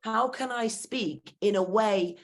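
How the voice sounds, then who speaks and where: A woman's voice: a little high, slow pace. A woman, a guest speaker and confidence coach talking earnestly and encouragingly in a podcast interview. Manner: earnest, encouraging, acts out inner voices.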